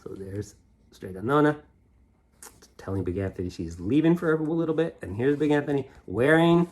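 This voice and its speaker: A man's voice: mid-range voice, expressive, normal speed, darkish tone. A man reading a picture book aloud to children, with chatty asides and questions to the listener. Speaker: storybook reader.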